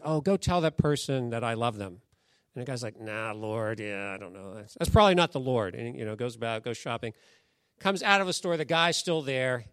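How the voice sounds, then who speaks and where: A pastor with a slightly high voice preaches a sermon in a church sanctuary, telling stories conversationally and acting out the voices of the people in them. The sound is clean studio quality with no echo.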